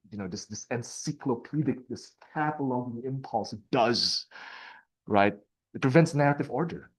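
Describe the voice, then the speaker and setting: A man's voice: medium pitch, slightly rough, rough recording. A young man leads a university seminar in an easygoing, conversational tone. He alternates between reading passages aloud and unpacking them, peppering his talk with rhetorical questions and restarts. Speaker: lecturer.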